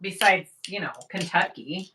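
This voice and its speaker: A woman hosting a casual sewing livestream, upbeat and quick to praise, laughing often as she works. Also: on the low side, sharp tone, slight background noise, rough recording. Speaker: sewing channel host. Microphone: livestream camera mic.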